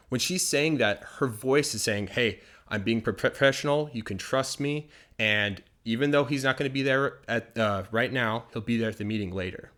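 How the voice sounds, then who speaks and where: An American man teaching English phrases for the workplace in a relaxed, explanatory way, acting out short dialogues as examples. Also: on the low side, a little fast. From United States. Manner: explains patiently, acts out short everyday dialogues. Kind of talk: casual language lesson.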